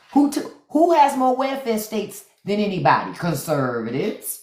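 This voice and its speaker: Live-stream host, woman, sassy and mocking, pitch swinging widely, echoey room. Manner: sassy, mocking, talks straight to her viewers. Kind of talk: casual live-stream commentary.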